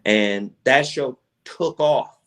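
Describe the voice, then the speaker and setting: Profane, animated storyteller man. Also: mid-range voice, slow pace. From Chattanooga, Tennessee, USA. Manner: animated storyteller who acts out quoted dialogue, with slangy profanity. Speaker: radio personality and podcast guest. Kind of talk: casual storytelling interview.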